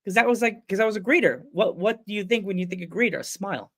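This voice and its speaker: A man's voice: sits high, quick pace, gravelly. A man hosting a podcast, telling a story in casual chat, acting out other people's voices and laughing often. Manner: animated storyteller, acts out voices, laughs a lot. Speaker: podcast host.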